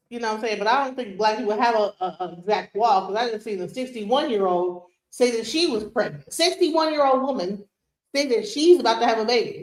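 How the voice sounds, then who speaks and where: Heated high-voiced woman streamer, roomy echo. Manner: heated, profane, rhetorical questions. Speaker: streamer host. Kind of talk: livestream commentary reacting to a clip.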